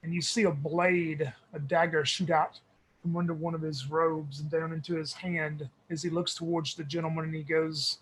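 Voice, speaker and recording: A man playing a tabletop game, describing his thief character deliberately. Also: on the high side, level tone, a bit bright, a little hiss or hum, poor audio. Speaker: player.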